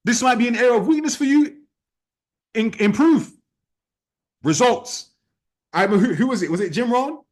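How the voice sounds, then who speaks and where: A man leading an online sales team training, talking in a forceful, repetitive, challenging way. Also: very high voice, expressive, moderate pace, long pauses. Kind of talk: motivational training talk.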